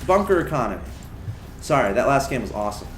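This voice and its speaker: A man's voice: mid-range voice, fast, reverberant, soft background music. Chatty male esports commentator. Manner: chatty, excitable, rambling. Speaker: game commentator. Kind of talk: casual esports play-by-play commentary.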